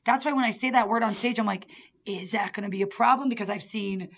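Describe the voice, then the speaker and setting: A woman's voice: mid-range voice, quick pace. A woman on a radio talk show, chatting casually and acting out quoted voices as she tells stories. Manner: animated storyteller, acts out quotes. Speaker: stand-up comic guest. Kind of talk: casual chat. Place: radio studio.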